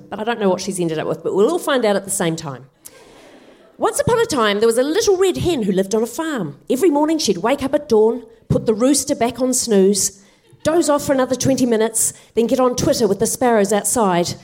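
A woman's voice: a little high, darkish tone. Wry woman telling a stand-up story. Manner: wry, chatty asides. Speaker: guest comedian. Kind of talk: stand-up storytelling, live on stage. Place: theatre stage.

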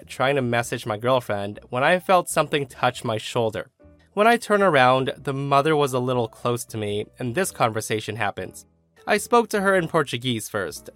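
Brief: male storyteller, expressive pitch, dry mic, soft backing music. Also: dry recording. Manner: animated storytelling, casual asides. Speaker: story narrator. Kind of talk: scripted narration of reader stories.

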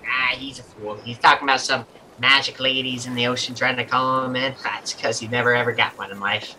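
Dismissive sailor guy, the game master putting him on, grumbly and folksy, bright sharp tone. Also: mid-range voice, level tone, brisk, a little hiss or hum, poor audio. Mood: grumbling. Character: grumpy male sailor, boat crewman.

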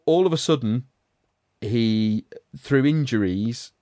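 A man's voice: mid-range voice, slow, warm tone, dry recording, studio quality. A man hosting a podcast, giving a sardonic, rambling recap of a film in casual chat. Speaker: podcast host reviewing a film.

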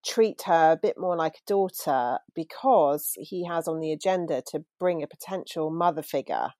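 Woman, lower register, dry close sound; thoughtful, self-deprecating book talk. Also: normal speed, dark tone, dry recording. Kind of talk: casual book chat.

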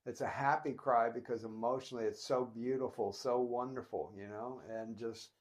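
A man's voice: medium pitch, steady tone, normal speed. A man co-hosting a casual chat show, agreeing readily and adding his own points. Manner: agreeable, backs up his partner with frequent yeahs. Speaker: podcast co-host.

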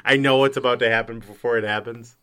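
Male co-host, bright tense tone, wry self-mocking sports banter. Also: mid-range voice, steady tone, quick pace. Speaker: podcast co-host.

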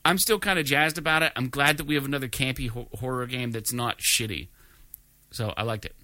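Guy rambling about games, bright forward voice, dry close sound. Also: medium pitch, a little fast, no echo. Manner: rambling, many fillers and restarts. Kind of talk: casual chat about video games.

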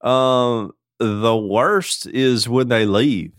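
A man's voice: mid-range voice, very slow, no echo, studio quality. A man co-hosting a podcast, chatting casually and telling joking stories about his life as a foster parent. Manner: joking, animated storyteller. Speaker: podcast co-host. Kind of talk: casual chat.

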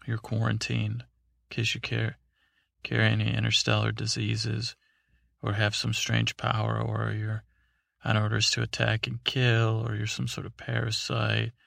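A man voicing a mellow, mumbling superhero in a sleepy bedtime story. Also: completely flat delivery, unhurried, creaky, dry recording, studio quality, exaggerated voice. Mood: flat. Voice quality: mumbling, low-key.

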